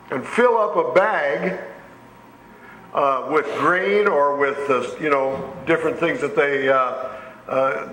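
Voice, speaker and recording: In an echoing sanctuary, a pastor delivers his sermon with a somewhat high, slightly bright voice. He leans on homespun, folksy anecdotes and lifts his delivery when scripture comes up, while a soft hum from the room sits underneath.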